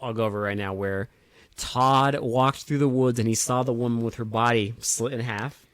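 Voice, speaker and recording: A man co-hosting a podcast in casual chat, picking apart a movie with blunt, mocking remarks. He swears freely. His average-pitched voice sounds dry and close, with no room echo. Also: steady tone, moderate pace, fairly bright tone, clean tone. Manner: blunt, profane, dryly mocking. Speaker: podcast co-host.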